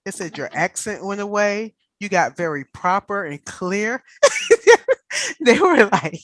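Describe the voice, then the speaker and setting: A woman with a Southern US accent, hosting a casual video call chat, animated and quick to laugh. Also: mid-range voice, dry recording. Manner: animated, laughs often, storyteller. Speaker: host.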